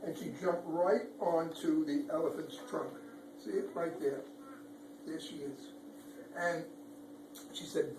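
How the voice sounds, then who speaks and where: A man reading a picture book aloud to children, animated, pointing out pictures and making sound effects. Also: fairly high pitch, measured pace, pauses often. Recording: echoey room, far from mic, background noise.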